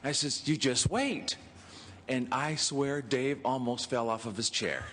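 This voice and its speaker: In a reverberant legislative chamber with faint ambience and a little hiss or hum, a male state senator delivers an anecdotal tribute speech. Speaking a little slowly in a mid-range, fairly bright voice, he acts out the dialogue in his stories and chuckles as he goes.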